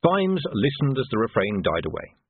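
A male narrator reads a novel aloud in a husky voice that moves freely in pitch. The recording is narrow and phone-like, completely dry. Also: very animated, normal speed, no room sound. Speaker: audiobook narrator. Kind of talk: scripted narration. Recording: tinny phone-like band.

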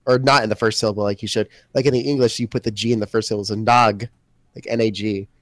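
A man's voice: lowish voice, steady tone, racing, dry recording. A young man chatting casually with friends, blunt and swearing freely. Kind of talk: casual podcast chat.

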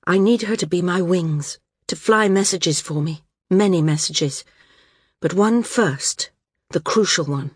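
Woman voicing a resolute young heroine for an audiobook, husky, dry close sound. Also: lowish voice, unhurried, dry recording. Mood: resolute, pleading. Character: determined young woman flyer, anxious but resolute.

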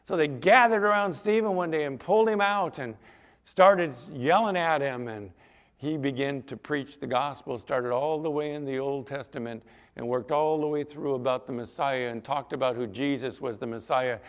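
A man's voice: mid-range voice, moderate pace, dull audio. A man preaching a sermon as pastor, talking conversationally and putting questions to the congregation.

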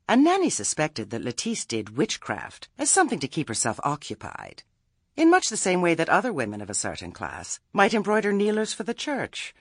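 Male narrator, wry storytelling, lively intonation, dry close sound. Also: mid-range voice, breathy edge, dry recording. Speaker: audiobook narrator. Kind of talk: scripted narration.

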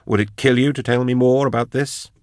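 Brief: man doing a testy aging scholar, pitched up, quick and indignant, audiobook. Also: fairly even intonation, dry recording, clean studio sound, close to an everyday voice. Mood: irritated. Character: prickly aging male biologist scholar, defensive. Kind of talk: audiobook narration.

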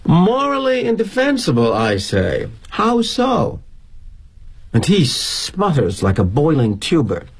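A middle-aged actor playing a weary, guilt-ridden corporate executive in a dramatic monologue, wry and confiding. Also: male voice, fairly high pitch, wildly swooping pitch, slow, breathy edge, full character voice.

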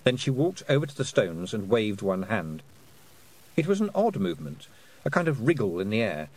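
A man reads a storybook aloud with an expressive, husky voice. His pitch moves a lot from phrase to phrase. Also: poor audio. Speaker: audiobook narrator. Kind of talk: scripted narration.

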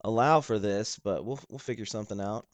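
A man's voice: on the low side, brisk, no room sound. A man hosting a casual podcast from his studio apartment, rambling and joking with plenty of swearing. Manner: rambling, profane, jokey. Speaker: podcast host.

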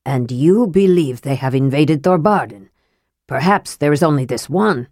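A woman voicing a grave, wary elderly male dwarf king from a storybook, speaking slowly and troubled. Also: deep voice, animated, a little mellow, no echo, clean studio sound.

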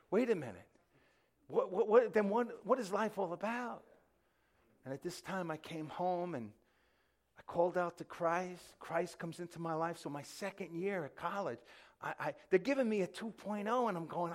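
This is a middle-aged preacher with a fairly high voice. He preaches with fervor, jumps between loud bursts and near-hushed lines, and stumbles over repeated words when he gets going. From New York. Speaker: pastor. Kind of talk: sermon.

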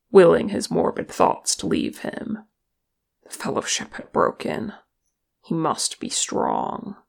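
A reader narrating a fan fiction story in a steady, measured way. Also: mid-range voice, vocal fry. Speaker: audiobook reader.

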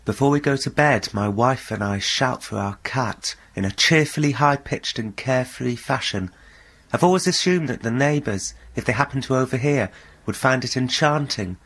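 Deadpan man telling a wry story. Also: medium pitch, normal speed, dry recording. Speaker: presenter. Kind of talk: wry first-person radio essay.

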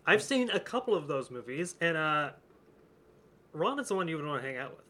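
A man's voice: on the high side, very animated, a little fast, bright, forceful tone. A man in a casual chat, easygoing and chuckling often. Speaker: podcast co-host.

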